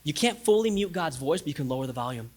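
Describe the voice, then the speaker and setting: High-voiced man preaching with big swings. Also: quick pace. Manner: animated, swinging from loud emphasis to hushed near-whispers; repeats phrases for emphasis. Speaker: pastor. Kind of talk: sermon.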